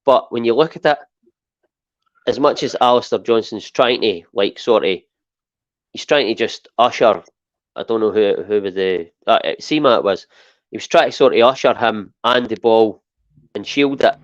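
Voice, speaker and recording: A Scottish man co-hosting a football podcast, talking in an animated, emphatic way and often tagging points with "right?". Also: lowish voice, normal speed, no echo, highs cut off. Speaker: podcast co-host. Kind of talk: casual football chat.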